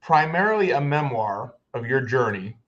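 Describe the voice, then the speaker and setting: A man's voice: medium pitch, big pitch swings, normal speed, a bit bright. A man from the United States hosting an interview over a video call, rambling with many restarts. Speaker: podcast host. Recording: dull lo-fi sound.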